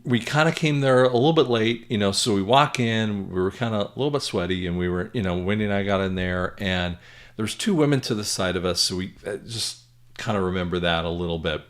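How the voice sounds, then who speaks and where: A man giving an informal Bible teaching, telling a personal story in a rambling, conversational way with many fillers and restarts, growing loud and emphatic at high points. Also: brisk. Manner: grows loud and emphatic at climaxes.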